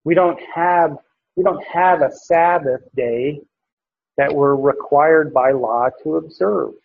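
A man's voice: a little high, slow, gravelly, slight background noise. A man preaching, teaching a passage verse by verse, with frequent fillers and restarts. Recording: dull lo-fi recording.

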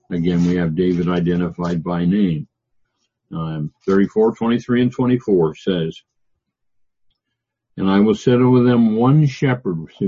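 A man teaching through Bible verses, reading passages aloud and explaining them in a halting way with many fillers, stressing key words. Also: low voice, warm tone, husky. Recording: dull lo-fi recording.

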